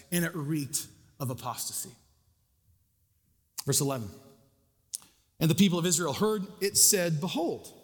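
A man's voice: fairly high pitch, long reverb tail. A male pastor preaching a sermon, conversational and self-deprecating, with casual asides to the congregation.

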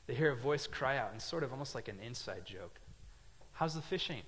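A man preaching a sermon, telling a story with lively swings from quiet asides to loud emphatic lines. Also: mid-range voice, fast talker, slightly rough, in a large hall. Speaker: pastor.

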